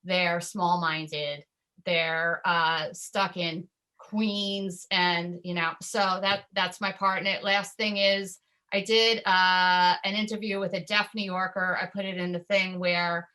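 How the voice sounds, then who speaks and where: A woman's voice: on the low side, level tone, slow pace, sharp tone. A woman speaking as a panelist in an online discussion, chatty and piling up several points at once.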